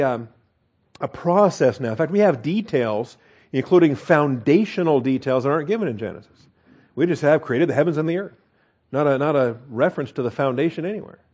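A man preaching a sermon from a church pulpit as pastor, wry and animated, with self-mocking asides. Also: mid-range voice.

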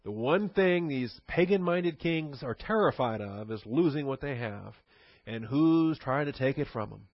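A male preacher works through scripture verse by verse, chatty and animated, with dry sarcastic asides. His mid-pitched voice is recorded dry and sounds a bit dull. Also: measured pace, no echo. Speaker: Bible teacher. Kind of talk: verse-by-verse sermon teaching.

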